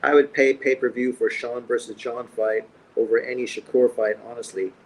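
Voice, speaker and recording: A man's voice: mid-range voice, steady tone, moderate pace, slight background noise, poor audio. A middle-aged Canadian man hosting a boxing livestream, bantering bluntly with viewers and swearing constantly. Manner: profane, blunt, joking banter. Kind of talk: casual livestream chat reading comments. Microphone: streaming mic.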